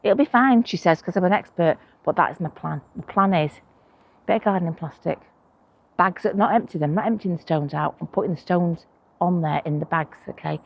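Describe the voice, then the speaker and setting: A woman's voice: lowish voice, brisk, vocal fry, dull audio. Chatty woman gardening outdoors. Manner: chatty, conspiratorial, self-mocking asides. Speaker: allotment vlogger. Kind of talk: casual chat while gardening.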